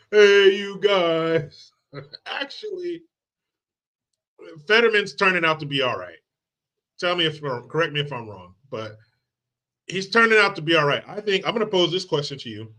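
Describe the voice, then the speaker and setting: A man with a slightly high, sharp-toned voice hosts a live stream of political commentary. His style is casual, profane, and sarcastic: he jokes with the chat, reads it aloud, and drops into movie quotes.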